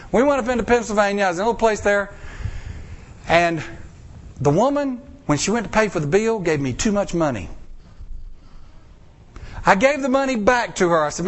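A middle-aged male pastor, preaching a sermon, acting out quotes and slowing down for emphasis. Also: high voice. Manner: animated preaching with acted-out quotes and drawn-out pauses.

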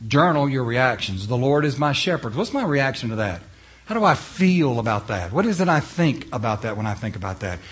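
A male pastor preaches a sermon emphatically, swinging from hushed to loud and putting rhetorical questions to the congregation. His husky, medium-pitched voice moves fairly quickly with big pitch swings.

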